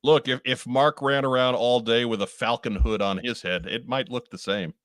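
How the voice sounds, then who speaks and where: A man co-hosting a casual podcast, talking in halting bursts and often repeating his first words. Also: mid-range voice, steady tone, fairly bright tone, no echo. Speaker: podcast co-host.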